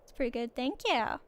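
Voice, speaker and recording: A young Australian woman chats casually while streaming a game, her voice very high-pitched and fairly bright. She rambles, giggles, and keeps interrupting herself.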